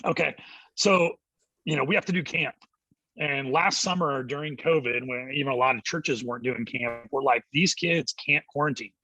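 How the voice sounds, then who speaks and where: A middle-aged man, a youth ministry director, telling an animated story as a guest on a church interview show. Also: medium pitch, dry recording, rough recording. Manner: animated storyteller acting out quotes, quick laughs.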